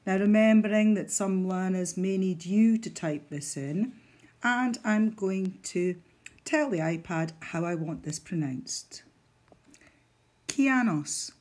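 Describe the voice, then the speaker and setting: A woman's voice: mid-range voice, a little slow, a little mellow. A woman, a teacher walking learners through a device step by step with patient guidance. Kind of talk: instructional screen demonstration.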